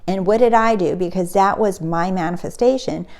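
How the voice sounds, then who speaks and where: A woman's voice: medium pitch, moderate pace, a little mellow. A middle-aged woman, a spiritual coach, telling a personal story in a casual motivational talk and acting out the quotes.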